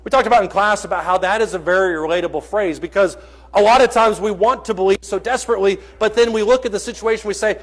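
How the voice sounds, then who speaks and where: A man's voice: high-pitched, fast. A man preaching a sermon in church, earnest and emphatic, reading scripture and stopping to correct himself with small jokes.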